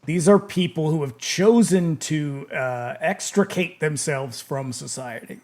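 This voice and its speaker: A man's voice: on the high side, a little slow, a little mellow. A man co-hosting a podcast, chatting casually about films and trading trivia, with lots of "like". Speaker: podcast co-host. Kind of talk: casual movie chat.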